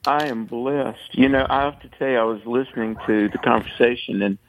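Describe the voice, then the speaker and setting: A man from the American South with a Southern accent, a radio guest telling lively anecdotes. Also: mid-range voice, a little fast, dry recording, low-quality recording. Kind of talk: storytelling on radio.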